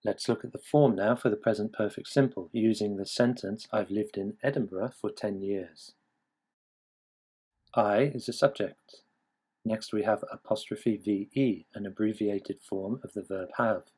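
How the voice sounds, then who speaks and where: Husky man explaining a grammar lesson. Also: lowish voice, fairly even intonation, a little mellow, low-quality recording. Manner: measured, explanatory. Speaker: English teacher. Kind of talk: scripted lesson narration.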